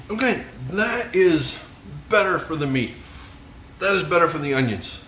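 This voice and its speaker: Man, home cooking host, mid pitch, jokey and eager, roomy kitchen sound with a faint hiss. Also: animated, normal speed, fairly bright tone. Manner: jokey, enthusiastic, savoring food with murmured mms. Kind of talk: casual cooking vlog with tasting.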